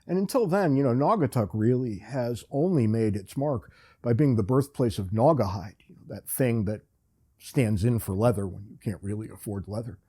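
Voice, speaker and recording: A man's voice: medium pitch, moderate pace, warm tone, breathy edge. A man hosting a podcast, telling a rambling, self-deprecating story in a casual, wry way. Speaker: podcast host.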